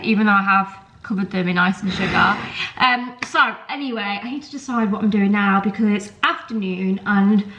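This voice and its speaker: A woman's voice: fairly high pitch, a bit bright, poor audio. Chatty woman vlogging at home. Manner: chatty, storytelling, lots of fillers like um and like. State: sore throat. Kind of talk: casual chat to camera. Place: home kitchen.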